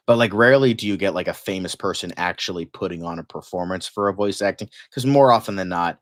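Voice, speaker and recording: A man's voice: deep voice, fast, no echo, clean studio sound. A man in casual chat, gushing and rambling with lots of fillers, tired and delirious late at night.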